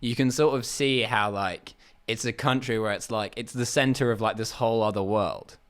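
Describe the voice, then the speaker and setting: Low-voiced rambling English man. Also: moderate pace, fairly bright tone, smooth. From Essex, England. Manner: rambling, lots of "like" fillers. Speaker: guest comedian. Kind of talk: casual podcast chat.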